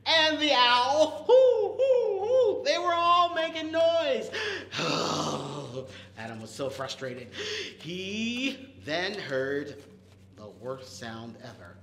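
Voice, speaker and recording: A man runs a toddler storytime, telling the tale slowly and playfully. His pitch swoops widely as he hoots, chugs and whispers animal sounds. The room is echoey. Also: creaky. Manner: animated, playful, makes animal and vehicle noises. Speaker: children's librarian.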